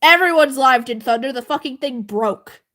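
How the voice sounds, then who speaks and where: A woman livestreaming and chatting casually with her viewers, excitable and swearing, shrieking when worked up. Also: high-pitched, normal speed.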